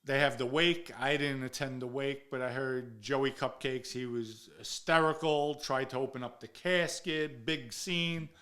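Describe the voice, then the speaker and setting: A man's voice: medium pitch, a bit bright. A man, telling stories from his own past in a blunt, profane, casual way and acting out the dialogue. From New York area. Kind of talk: casual first-person storytelling.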